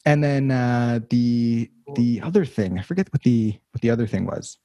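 A man's voice: medium pitch, moderate pace, warm tone, no echo, studio quality. A young man talking through his thoughts in a casual conversation, rambling and reflective with many fillers and restarts.

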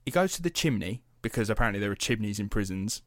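A man's voice: lowish voice, lively intonation, quick pace, no room sound. Chatty, swearing man on a dry mic. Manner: swears freely, loose and chatty with many fillers. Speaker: podcast host. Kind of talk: casual storytelling chat.

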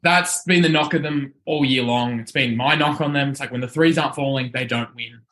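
A man on a casual sports podcast, hoarse from shouting and still running on adrenaline, rambling with restarts. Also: medium pitch, a little fast. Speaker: podcast panelist.

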